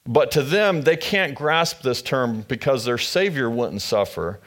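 A man's voice: medium pitch, expressive, unhurried, a bit bright. Conversational male pastor preaching. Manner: conversational storytelling, retelling scripture in everyday words. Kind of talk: sermon.

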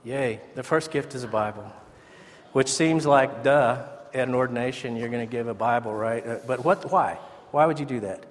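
A long reverb fills the church sanctuary as a man of medium pitch and normal speed gives an ordination sermon. He sounds earnest and conversational, breaking off for asides and starting over at times.

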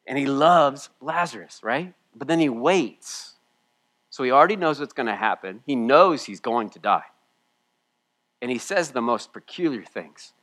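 Male pastor, tearful sermon, swings between soft reading and loud pleading. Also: mid-range voice, expressive, unhurried. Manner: emotional, swings from hushed to loud. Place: church room with a congregation.

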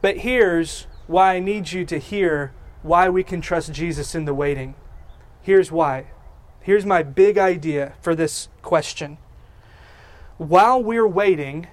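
Pastor guy preaching, folksy storytelling, kinda high voice. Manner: folksy storytelling, acts out quotes in casual voices. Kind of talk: sermon.

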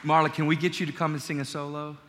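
A man's voice: a little high, level tone, fast talker, noisy background. A middle-aged man preaching a sermon as pastor, in a conversational, joking way with his congregation, in a large church. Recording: long church hall reverb.

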